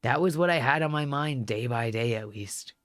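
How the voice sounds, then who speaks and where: A man voicing a detached tall young man in a visual novel, speaking flatly and evenly. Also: medium pitch, normal speed, no echo, studio quality, pitched below the performer's own voice, lightly acted. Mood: calm.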